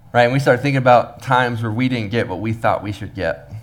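A man's voice: mid-range voice, brisk. A man, a pastor preaching a sermon and acting out the workers with humor. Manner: animated, acts out the workers' voices with humor.

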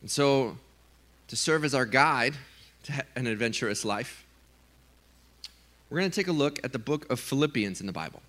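A man preaching a sermon, telling a funny story with lively, animated delivery and acted-out voices. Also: medium pitch, normal speed, long pauses. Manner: animated storytelling, acts out his own scared voice. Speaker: pastor.

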